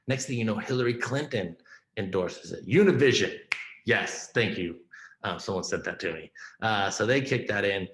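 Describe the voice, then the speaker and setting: Animated low-voiced man, echoey room. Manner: informal and animated, with repeated "man" and "right?" and stacked restarts. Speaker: keynote speaker. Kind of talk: conversational storytelling talk.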